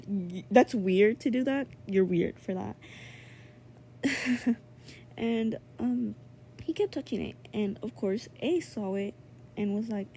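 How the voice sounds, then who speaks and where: Teen girl vlogger, casual storytelling, filler-heavy and indignant, fairly high mellow voice. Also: normal speed, slight background noise. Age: teenager. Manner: chatty, full of "like" and "um" fillers; indignant, animated retelling.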